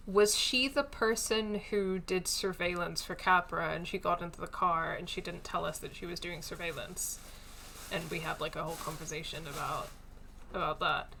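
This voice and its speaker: A woman's voice: lowish voice, a little slow, sharp tone, a little hiss or hum. A woman streaming a story game, chatting casually and thinking aloud with lots of fillers. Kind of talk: casual let's-play commentary.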